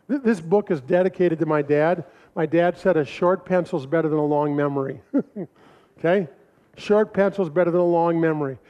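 Animated high-voiced man telling stories. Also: moderate pace. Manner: animated, acts out quoted voices, laughs often. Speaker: speaker presenting his family records manual. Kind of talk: storytelling talk to an audience. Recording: dull lo-fi recording.

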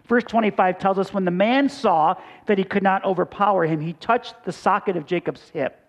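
High-voiced male pastor preaching. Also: moderate pace. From Michigan. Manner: swings from loud emphatic peaks to quiet storytelling asides. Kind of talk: sermon.

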